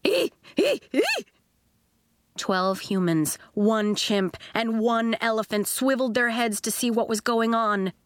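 A woman's voice: a little high, a little slow, hardly any pauses, clear, resonant tone. A woman narrating a children's audiobook expressively, giving each character a voice of her own. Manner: expressive storytelling, voicing the characters.

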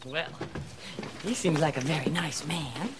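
A level-headed, patient aunt. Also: female voice, deep voice, a little slow. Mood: calm. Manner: composed, sensible, patient. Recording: studio audience laughter and noise.

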